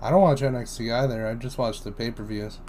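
A man's voice: medium pitch, fast, a little mellow, a little hiss or hum. A young man co-hosting a casual chat, laid-back and mostly chiming in with short agreeing remarks. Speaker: podcast co-host. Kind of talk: casual wrestling recap chat.

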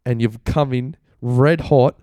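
A man's voice: mid-range voice, slow. Australian man telling a laughing story. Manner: laughing, animated retelling with acted quotes. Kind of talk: casual storytelling chat.

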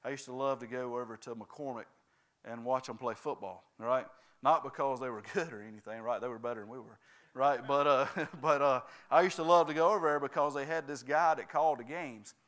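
A male preacher delivers a sermon, working the congregation with steady calls of "right?" and "amen?". His voice is smooth and resonant, sitting at an ordinary middle pitch for a man. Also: fairly quick.

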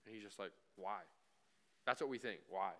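With a lowish, rapid-fire voice that sounds bright and forceful, a male pastor delivers his church sermon in a chatty way. Short acted-out dialogues with God and repeated "right?" asides punctuate his preaching.

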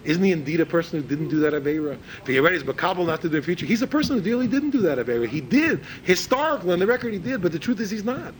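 Racing along with hardly any pauses, a man delivers an expressive, informal religious lecture in a low-quality recording. As a religious teacher, he repeats words while searching for phrasing and performs quoted speakers in a higher voice.

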